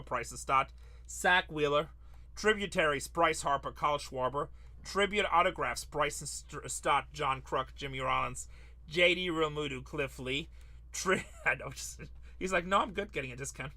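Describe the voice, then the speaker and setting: A man's voice: a little high, bright, forceful tone. A man hosting a live sports card break, rattling off lists in a teasing, joking selling patter.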